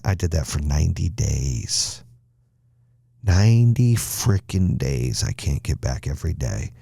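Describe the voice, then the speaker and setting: A man's voice: low voice, creaky, darkish tone, no room sound, clean studio sound. A man hosting a motivational podcast, talking bluntly and emphatically in a monologue and swearing now and then. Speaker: podcast host.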